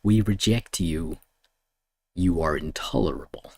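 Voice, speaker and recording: A man streaming, ranting angrily and swearing, swinging between loud outbursts and low mutters. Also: measured pace, creaky, breathy edge. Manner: heated, swearing, lurching between shouts and mutters. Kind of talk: angry profane rant.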